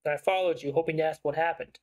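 Brief: man voicing a smooth, persuasive investigative writer; slightly high, coaxing. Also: steady tone, rapid-fire, lightly acted, poor audio. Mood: probing. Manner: smooth-talking and probing.

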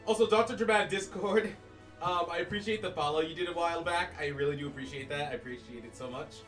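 A man doing let's play commentary as a gaming streamer, excitable, swinging between hushed murmurs and shouts. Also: fairly high pitch, quick pace. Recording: roomy room, distant mic, game music.

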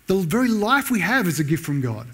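A man delivering a sermon to his congregation, his voice sitting a little high for a man. He preaches with animation and jumps up in pitch to act out sarcastic lines. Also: a little fast. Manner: animated preaching, pitch jumping up when voicing Paul's sarcasm. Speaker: pastor. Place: church.

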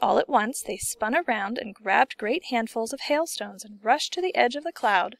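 A woman reads a children's storybook aloud with a steady, expressive delivery. Her voice sits on the higher side. The recording is dry and close, with no room sound around her. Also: normal speed, gravelly, hardly any pauses, no room sound. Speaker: audiobook reader. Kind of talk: storybook narration.

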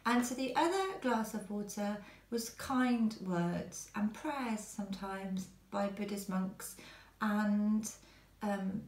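A woman talking earnestly to camera from her quiet home, pausing often as she speaks. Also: mid-range voice, reverberant. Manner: earnest, halting with many pauses. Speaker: vlogger. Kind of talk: personal talk to camera.

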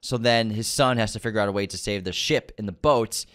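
A man's voice: lowish voice, fairly quick, fairly bright tone, clean tone. A man co-hosting a casual movie news podcast, rambling and wry, laughing often. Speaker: podcast co-host.

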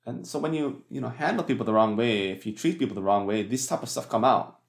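A man's voice: medium pitch, lively intonation, fast talker, creaky. A man preaching a sermon as pastor, talking conversationally with many fillers and restarts and asking the congregation rhetorical questions. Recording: echoey church hall.

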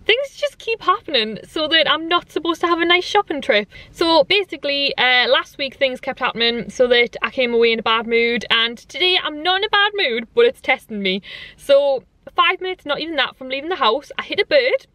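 A woman's voice: high-pitched, animated, brisk, pushed and bright, dry recording. A woman chatting casually to camera in a vlog, rambling about her day out in town. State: out of breath while walking. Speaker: vlogger. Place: out in town, walking and in a parked car.

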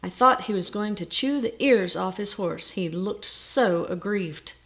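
A woman reading a story aloud, lively and expressive, jumping into loud character voices. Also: medium pitch, a little slow. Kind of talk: storybook narration.

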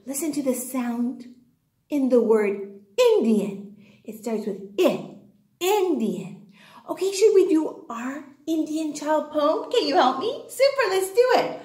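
Kindergarten teacher, female, slow and sing-song with children, recorded in an echoey room. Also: high voice. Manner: animated, exaggerated, sing-song teacher talk. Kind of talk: online class for young children.

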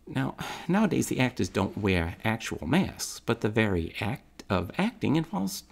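Actor doing a brooklyn guy talking straight to the crowd, streetwise and blunt, low husky voice that jumps all over. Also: very animated, moderate pace, heavily acted. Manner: streetwise, chatty and direct. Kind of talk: theatrical monologue to the audience.

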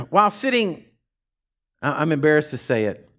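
A pastor preaching a sermon, telling folksy stories in a casual drawl and swinging from hushed asides to fired-up shouts. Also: male voice, a little high, big pitch swings, measured pace, creaky.

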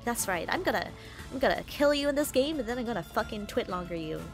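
A woman's voice: a little high, lively intonation, quick pace, soft background music. A woman streaming a video game, sniffly with a cold, swearing, laughing and making mock threats at the characters. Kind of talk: live game stream chat.

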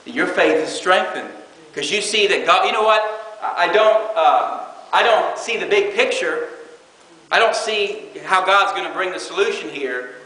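Preacher in an echoey hall. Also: male voice, sits high, animated, unhurried, sharp tone. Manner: conversational preaching, acting out quoted prayers. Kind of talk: sermon. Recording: echoey hall with long reverb.

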